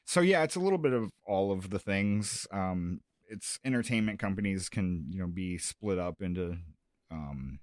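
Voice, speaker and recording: A man's voice: sits low, expressive, moderate pace, a little mellow, dry recording, studio quality. A man from South Dakota, a music and comedy promoter, chatting casually on a radio show, rambling with lots of fillers and restarts. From Sioux Falls, South Dakota.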